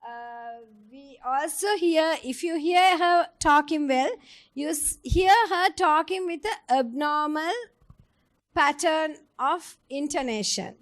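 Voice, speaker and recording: A woman's voice: high-pitched, slow pace, a bit bright. A woman giving a clinical teaching lecture, explaining step by step and putting questions to her audience.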